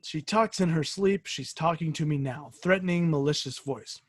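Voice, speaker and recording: A podcast co-host reads creepy stories aloud in a casual way, joking around with his friends and breaking into shrill, shouted ghost voices. His male voice moves at a normal speed, and there is no room sound.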